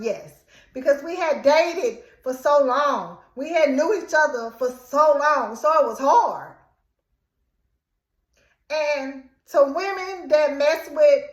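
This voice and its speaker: A young adult woman telling a casual story time, animated and dramatic as she acts out what was said. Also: sits high, roomy sound. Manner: animated, dramatic retelling with quoted outbursts.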